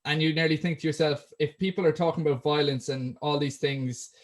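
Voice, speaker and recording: A man's voice: fairly high pitch, fairly even intonation, fairly quick. A man hosting a podcast, talking loosely with lots of ums while reading out questions. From Ireland. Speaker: podcast host. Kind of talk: casual interview chat.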